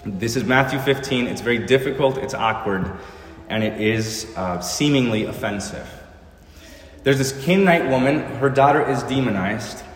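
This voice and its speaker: A man's voice: mid-range voice, normal speed. A man preaching a sermon, earnest, with rhetorical questions, recorded in a church sanctuary. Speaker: pastor. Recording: echoey church hall with long reverb.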